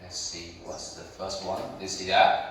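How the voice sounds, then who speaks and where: A man's voice: low voice, monotone, unhurried. A man with a Vietnamese accent teaching English words to small children, speaking in simple phrases and coaxing them to repeat after him. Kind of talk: classroom teaching with call-and-repeat. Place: large echoey classroom or hall. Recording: echoey hall, mic far off, noisy children.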